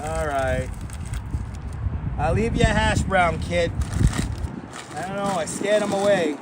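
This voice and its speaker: A man hosts a casual walking live stream and chats easily with viewers and the animals he passes. His voice sits high, and he talks through a clip-on mic. Clear street traffic and wind noise surround him outdoors. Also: lively intonation, measured pace. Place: outdoors on a city street at sunset. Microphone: wireless clip-on mic.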